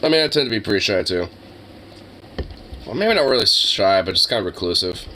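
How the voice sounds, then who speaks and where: Deep-voiced young man chatting casually. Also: animated, fairly quick, pushed and bright, slight background noise, poor audio. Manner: rambling, crude, jumps to a high baby voice with his dog. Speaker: streamer. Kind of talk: casual chat.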